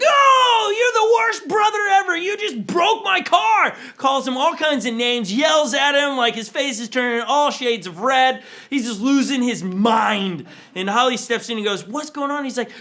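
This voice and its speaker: A man in his forties preaches an online sermon in a loose, conversational way. His voice sits high and sounds bright and forward. He acts out the people in his stories with sudden leaps in pitch. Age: 40s. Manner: storytelling, acts out family quotes with big pitch jumps. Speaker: pastor. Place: church livestream.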